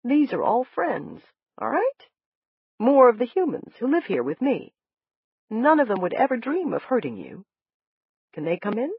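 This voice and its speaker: A gentle male doctor coaxes and reassures in a lifted, lively voice, as a woman reading a novel puts him on. He sounds patient and kind with a breathy edge. The recording is dry and dull. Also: a little high, moderate pace, no echo, voice pushed up, heavily acted. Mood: reassuring. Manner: coaxing, reassuring.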